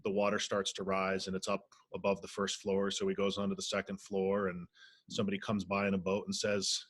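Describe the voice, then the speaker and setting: A man who teaches spirituality, leading an online healing circle in a gentle, reflective way, pausing often on fillers. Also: low-pitched, monotone, dry recording. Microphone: video call.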